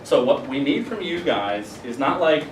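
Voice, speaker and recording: A man's voice: medium pitch, sing-song, normal speed, distant mic, music in the background. Rambling man hosting an improv show. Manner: rambling and self-mocking, full of fillers. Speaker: improv host. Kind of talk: introducing a live improv show. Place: theater stage. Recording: roomy theater audio from afar, noisy.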